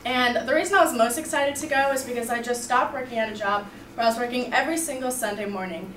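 A woman's voice: on the high side, quick pace, a bit bright. A young woman telling a personal story to a class in an upbeat, chatty way, with lots of "like" and "you know.". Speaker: student storyteller. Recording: echoey room, far from the mic, faint background noise.

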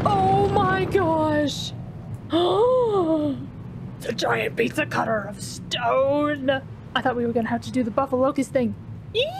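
A woman commenting on her gameplay, gasping often and repeating excited exclamations. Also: high voice, noisy background. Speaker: let's play gamer. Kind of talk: let's play commentary. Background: game music.

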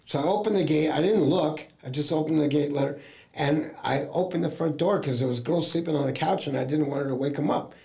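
A man's voice: on the high side, fairly quick, gravelly, mellow. A middle-aged man from the United States, a talent agent, telling rambling anecdotes in casual chat and acting out what others said. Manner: rambling, acts out quoted voices, many fillers. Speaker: talent agent, interview guest.

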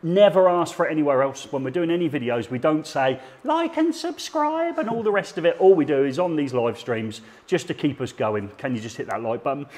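A middle-aged man hosting a live stream, chatting and joking in a relaxed banter with his co-host. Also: mid-range voice, fairly quick, hardly any pauses. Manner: jokey, chatty presenter banter.

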